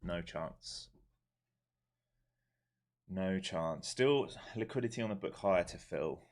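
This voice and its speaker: A man's voice: low-pitched, animated, slow pace. A man with a London accent chatting casually on a live stream while giving blunt, laid-back market commentary. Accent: London English. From London, England. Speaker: live-streaming day trader.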